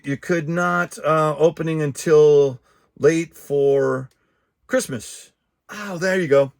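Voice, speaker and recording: A man hosting a podcast, chatting casually and rambling with frequent restarts and asides. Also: mid-range voice. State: out of breath. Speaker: podcast host.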